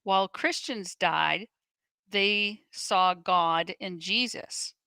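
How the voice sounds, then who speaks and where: A woman co-hosting, reading viewer comments and questions aloud in a steady way with the odd dry aside. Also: mid-range voice, extremely slow, clear, resonant tone, no echo.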